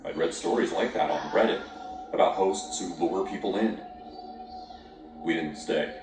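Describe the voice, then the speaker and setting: A man's voice: deep voice, unhurried. A man narrating a scripted horror story, dramatic and lingering on grim details. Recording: echoey, distant, with music behind.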